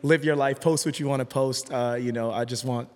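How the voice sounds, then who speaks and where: A man's voice: mid-range voice, steady tone, brisk. A man talking as a podcast guest in a casual conversation, earnest and hesitant, often restarting his sentences. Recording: long hall reverb.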